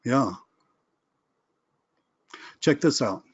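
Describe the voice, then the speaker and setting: A man's voice: medium pitch, lively intonation, drawn-out words, slightly rough. A man teaches a live webinar in a loose, conversational way. His voice sits in an everyday middle register. The audio is a bit dull and lo-fi. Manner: casual, conversational, acts out phone calls. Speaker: sales trainer. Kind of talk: live webinar teaching with role-play calls.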